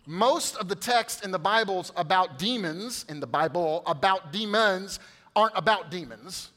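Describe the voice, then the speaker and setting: Male pastor, high bright voice, preaching with big loud-to-hushed swings. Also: animated, normal speed. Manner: swings from loud emphatic peaks to quiet hushed asides; addresses the congregation directly, coaxing responses. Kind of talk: sermon.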